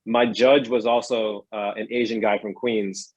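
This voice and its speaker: Hesitant man, husky and dry. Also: lowish voice, level tone, unhurried, dry recording, dull audio. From New York. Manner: hesitant, repeats words while searching for thoughts. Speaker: guest. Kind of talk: casual podcast chat.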